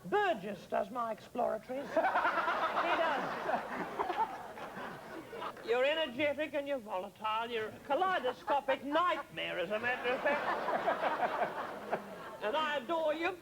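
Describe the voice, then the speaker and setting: A man's voice: extremely high pitch, lively intonation, measured pace, pauses often, very noisy. A man playing a grand, arch lady host. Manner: arch, theatrical, mock-grand. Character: grand, vain older woman host. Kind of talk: talk show hosting in character. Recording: studio audience behind.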